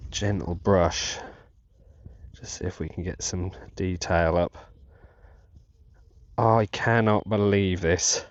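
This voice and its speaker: A man narrating his metal detecting dig to viewers, giddy and breathless with excitement. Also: fairly low pitch, no echo, highs cut off. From England. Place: outdoors in a field.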